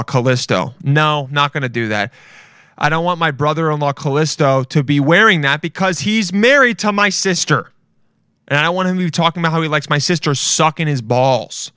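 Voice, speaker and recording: A man's voice: medium pitch, normal speed, a bit bright, clear, resonant tone, no room sound. Twenties male podcast host, loose profane rambler, self-deprecating, dry close mic. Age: 20s. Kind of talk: casual solo podcast rant.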